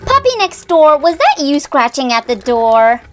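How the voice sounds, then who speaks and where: A woman's voice: high voice, big pitch swings, a little slow, soft background music. A woman voicing a teenage big sister babysitting in a toy doll role-play, scolding and sing-song. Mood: exasperated. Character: teen big sister babysitting, bossy but kind.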